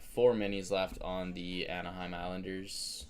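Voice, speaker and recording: A man's voice: lowish voice, unhurried. A young Canadian man hosting a live card break stream, chatting casually and greeting viewers by name.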